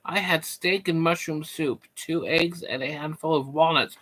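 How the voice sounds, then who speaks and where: A man's voice: on the high side, normal speed, few pauses, a bit bright. A young man chatting casually on a live stream, rambling, joking and answering his chat. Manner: goofy, rambling, reads chat and jokes.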